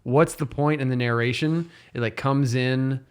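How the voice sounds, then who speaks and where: A man in his thirties on a podcast, talking in a lively, laughing way with lots of false starts. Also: medium pitch, normal speed, clean tone. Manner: animated, laughing, lots of restarts. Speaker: podcast guest. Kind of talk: casual podcast chat.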